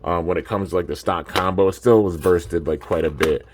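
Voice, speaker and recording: This toy reviewer is a young man with a very deep voice, chatting casually through an unboxing over some background noise. He sounds a bit sleepy and wanders along at a relaxed pace, dropping "man" and "like" into the gaps.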